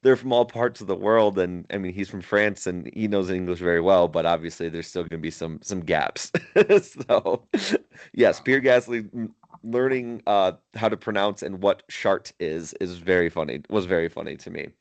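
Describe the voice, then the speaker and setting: A podcast co-host with a low voice and fairly even intonation chats casually at normal speed. He laughs often while retelling funny moments, rambling through his points with many fillers and restarts.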